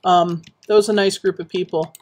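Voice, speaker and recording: A woman chatting casually while building in a game, rambling and reminiscing with many pauses and fillers. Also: on the low side, steady tone, a little mellow. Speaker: Minecraft streamer.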